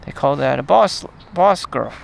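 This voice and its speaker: A man vlogging in a rambling, profane monologue full of fillers and trailing pauses. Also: on the high side, lively intonation, creaky.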